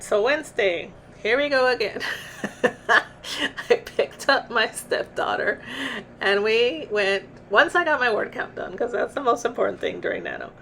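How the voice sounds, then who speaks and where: Middle-aged woman, chatty vlog storytelling, gravelly edge, bright tone. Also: on the high side, slight background noise. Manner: chatty, laughs often, self-interrupting. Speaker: vlogger.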